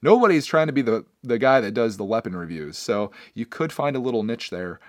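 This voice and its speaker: A man's voice: mid-range voice, big pitch swings, a little fast, dry recording. Earnest rambling man, dry close sound. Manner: rambling, earnest, many restarts. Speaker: podcast host and YouTuber. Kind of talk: casual solo podcast chat.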